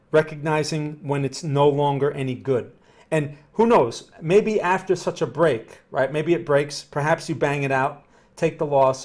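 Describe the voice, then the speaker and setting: A man with a Northern New Jersey accent, live-streaming trading analysis in a conversational, explanatory way and often checking that viewers follow. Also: on the high side. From New Jersey, USA. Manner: upbeat when greeting viewers.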